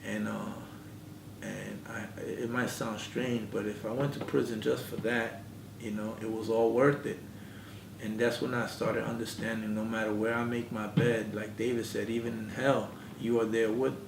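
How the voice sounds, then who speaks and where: A man's voice: flat delivery, normal speed, creaky. A man as an interview guest, earnestly telling his life story and acting out the dialogue in it. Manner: earnest storyteller who acts out quoted dialogue. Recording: echoey room, mic at a distance, background rumble.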